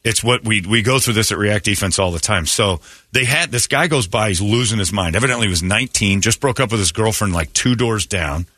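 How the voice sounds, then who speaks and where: Lively low-voiced man telling radio stories. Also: fairly quick, no echo, studio quality. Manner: animated storytelling, acts out quotes in a raised voice. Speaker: radio show host. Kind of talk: casual morning radio banter.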